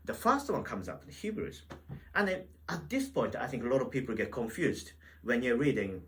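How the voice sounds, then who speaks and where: A man teaching a Bible lesson in church, animated and full of rhetorical questions. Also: mid-range voice, normal speed, slight background noise, rough recording. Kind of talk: teaching sermon. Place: Wales.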